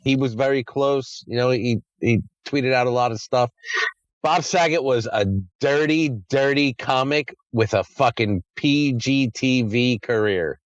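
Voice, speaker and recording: A man's voice: mid-range voice, a little slow, dry recording, dull audio. A man hosting a podcast in a casual chat, rambling and swearing freely. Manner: crude, profane, rambling. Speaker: podcast host.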